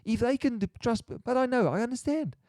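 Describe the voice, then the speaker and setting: A man's voice: extremely high pitch, lively intonation, fairly quick, darkish tone, no room sound, studio quality. A man hosting a casual livestream chat, rambling and restarting his sentences as he reads the chat aloud. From Australia. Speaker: livestream host.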